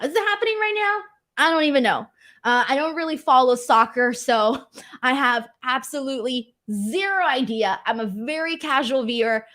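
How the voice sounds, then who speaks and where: A young woman with a slightly higher than average voice hosts a casual livestream. She chats easily with her viewers, teases herself, and tells stories with animated energy. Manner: chatty, self-mocking, animated storytelling. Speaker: wrestling show host reading super chats.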